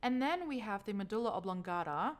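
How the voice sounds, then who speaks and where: A woman with as her gives a recorded course lecture on brain anatomy in a relaxed teaching voice. She talks in a casual, chatty way and laughs at her own slips. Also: mid-range voice, quick pace. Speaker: trauma healing instructor.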